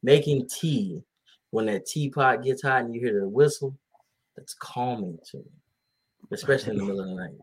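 A man chatting in a relaxed, laid-back way, musing about everyday habits. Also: mid-range voice, moderate pace, slightly rough, poor audio. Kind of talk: casual chat.

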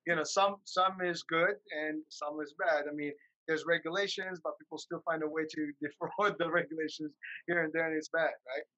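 A man's voice: on the high side, steady tone, normal speed, bright, forceful tone, highs cut off. A man hosting a podcast, upbeat and talkative, asking long rambling questions. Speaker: podcast host. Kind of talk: casual interview chat.

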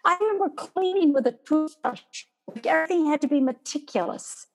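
A woman telling a personal story in casual conversation, animated and acting out gasps as she goes. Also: sits high, fairly quick, faint music behind. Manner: animated, acts out gasps and panicked breathing.

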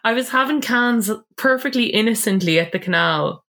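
A woman, chatting casually as a podcast co-host, telling stories with quick asides. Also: a little high, expressive, a bit bright. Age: 30s. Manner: chatty storyteller, quick asides, frequent laughs. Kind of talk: casual chat.

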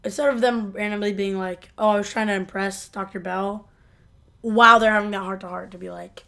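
Young woman, relaxed co-host, quick to agree and laugh. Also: mid-range voice, vocal fry. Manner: easygoing, agrees often, laughs readily. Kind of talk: casual chat about a TV episode.

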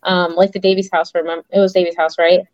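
Excitable rambling woman, lo-fi sound. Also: on the low side, quick pace, no room sound. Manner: excitable, rambling, acts out quotes. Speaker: co-host of a paranormal podcast. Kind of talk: casual chat.

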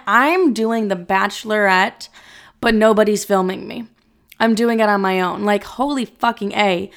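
A woman's voice: mid-range voice, a bit bright. A young woman hosting a solo podcast, chatting casually in a brash, rambling, profane way. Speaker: podcast host.

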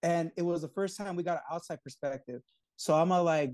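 A man with a high voice tells a story in a casual interview, acting out each person's lines with lively energy. His speech is loose and peppered with swearing. The recording is very dry and close. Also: quick pace, no room sound. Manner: lively storyteller who acts out quoted dialogue, casual swearing. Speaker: comic co-creator, guest.

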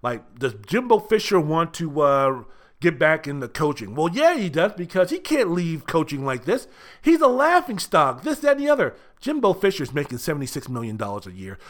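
A man hosting a solo sports talk show, ranting with profanity and shouting. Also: fairly high pitch, very animated, moderate pace.

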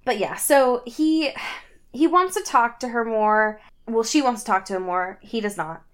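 Young woman, casual recap, lively, acts out lines, slightly high voice. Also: normal speed. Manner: animated, laughs often, acts out characters' lines. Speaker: co-host recapping a book. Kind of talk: casual chat.

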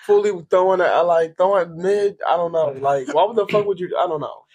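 A young man co-hosting a casual podcast, his voice set high with a husky edge. He tells stories in an animated, profane way and laughs easily. Everything sounds like loose chat between friends. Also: normal speed. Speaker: podcast co-host.

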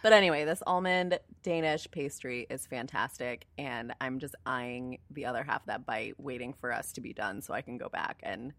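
A woman's voice: rumbling low, moderate pace, hardly any pauses, fairly bright tone, dry recording. A woman co-hosting a casual food podcast, playful and laughing often, reading product text aloud. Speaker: podcast co-host. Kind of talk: casual chat.

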